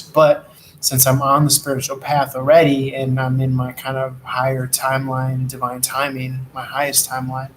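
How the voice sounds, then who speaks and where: A man's voice: mid-range voice, rough recording. A man giving a rambling, profane, streetwise spiritual monologue while riding an e-scooter in traffic. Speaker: tarot reader and delivery rider.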